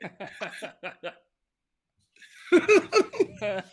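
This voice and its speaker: Man, co-host, casual stream banter, slightly high voice, laughs a lot. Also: huge pitch swings, extremely slow, a crowd in the background. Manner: giggly, riffing, laughs often. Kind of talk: casual live-stream chat.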